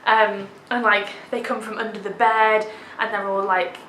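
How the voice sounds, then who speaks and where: A woman's voice: medium pitch, flat delivery, moderate pace, a bit bright, reverberant, slight background noise, low-quality recording. A young woman vlogging a theatre review, gushing with enthusiasm and dropping lots of "like"s. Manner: gushing, enthusiastic, many filler "like"s. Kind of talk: casual theatre review vlog.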